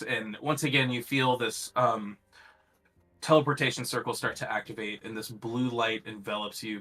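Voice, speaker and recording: A man's voice: lowish voice, pushed and bright. A man narrating as game master of a tabletop game, hesitant with many fillers.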